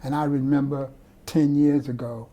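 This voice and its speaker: Older guy artist rambling thru stories in an interview, warm husky voice, lots of restarts. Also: mid-range voice, little pitch movement, moderate pace, lo-fi sound. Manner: rambling, digressive storyteller with restarts. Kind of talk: recorded oral-history interview.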